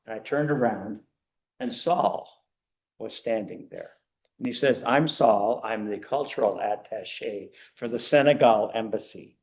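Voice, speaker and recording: An older man giving an animated, self-mocking storytelling talk to a church audience. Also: fairly low pitch, unhurried. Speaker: guest speaker.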